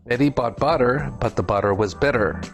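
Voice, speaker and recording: A man teaching English pronunciation in a video lesson, reading tongue twisters slowly and clearly for learners to repeat. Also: mid-range voice, over music. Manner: slow, clear, deliberate drilling.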